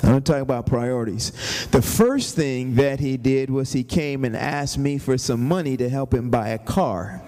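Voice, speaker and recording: A man preaching a sermon as pastor, telling a story animatedly, with rising shouts and repeated words. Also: mid-range voice, normal speed, long reverb tail, faint music behind.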